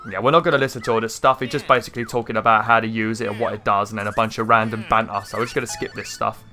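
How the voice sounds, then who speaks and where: Throat-clearing man chatting over gameplay. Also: lowish voice, flat delivery, racing, pushed and bright, soft background music. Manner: chatty, rambling asides. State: irritated throat, keeps clearing it. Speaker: gaming YouTuber. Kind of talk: casual gameplay commentary.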